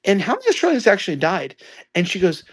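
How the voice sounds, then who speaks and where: A young man in his twenties telling a story loudly, ranting and acting out quoted lines. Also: sits high, huge pitch swings, quick pace, slightly rough. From United States. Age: 20s. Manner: loud, ranting, acts out quotes. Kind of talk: animated storytelling.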